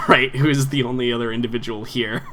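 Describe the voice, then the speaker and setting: A man's voice: mid-range voice, fairly even intonation, a little fast, fairly bright tone. A man narrating as game master of a tabletop game, rambling with many fillers. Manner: rambling, full of fillers and laughs.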